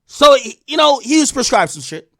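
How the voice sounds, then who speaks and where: Male stream host with a high, bouncing voice, profane and excitable, jumping from shouts to mutters, recorded dry. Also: normal speed, dry recording. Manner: animated, profane and excitable, swinging between loud outbursts and mutters. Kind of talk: casual storytelling on a live stream.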